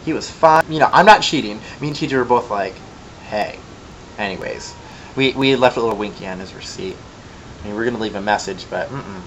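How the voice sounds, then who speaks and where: A young man from Michigan telling a long casual story in a vlog, chatty and gossipy, with sassy asides and lively quoted voices. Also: fairly low pitch, brisk, slight background noise, poor audio. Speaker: vlogger.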